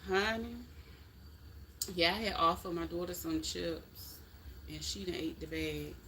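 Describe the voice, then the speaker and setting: Middle-aged woman, bright and sharp tone, folksy casual live-stream chatter aimed at viewers. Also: on the low side, measured pace, a little hiss or hum. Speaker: livestream host chatting with viewers.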